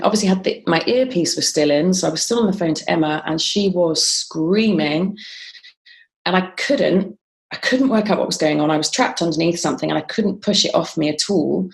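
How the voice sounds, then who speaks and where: Low, gravelly-voiced woman. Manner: frequent ums and restarts, quoting others as she tells it. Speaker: guest. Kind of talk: conversational interview storytelling.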